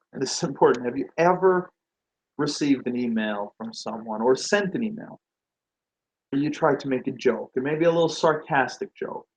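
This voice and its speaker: A man's voice: mid-range voice, husky, rough recording. A man giving a motivational talk on branding and sales, asking the listener rhetorical questions and acting out quoted reactions. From Nordic.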